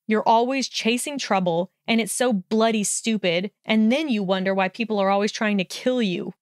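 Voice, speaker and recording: A woman's voice: medium pitch, normal speed, no room sound, clean studio sound, close to an everyday voice. A woman playing a snide young wizard. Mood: scornful. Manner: snarling and sneering. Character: snide, hot-tempered young male wizard.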